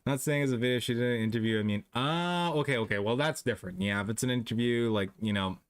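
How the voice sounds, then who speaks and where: A man's voice: medium pitch, quick pace, clean tone. A young man from Canada, a streamer chatting casually with his live chat, rambling, swearing freely and laughing often.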